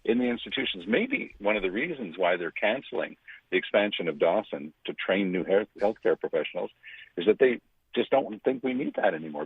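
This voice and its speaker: An older man giving indignant, emphatic radio commentary, stressing words with big jumps in pitch. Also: husky, no echo. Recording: dry, phone-like radio line.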